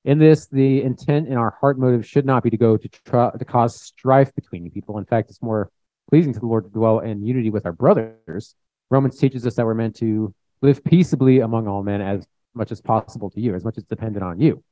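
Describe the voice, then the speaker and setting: Young male preacher, plain-spoken and conversational, mellow tone, dull lo-fi sound. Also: mid-range voice, brisk, no room sound. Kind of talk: informal sermon with scripture reading. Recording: dull, muffled recording.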